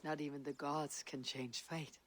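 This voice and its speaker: A man's voice: a little high, level tone, normal speed, fairly bright tone. An actor playing a blunt, loyal male Viking leader who speaks firmly in a video game. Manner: firm, blunt.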